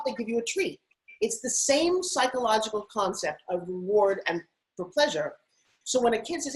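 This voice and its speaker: Fast-talking animated woman guest. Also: mid-range voice, rough recording. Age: middle-aged. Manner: animated, acts out her kids' voices. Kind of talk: interview storytelling.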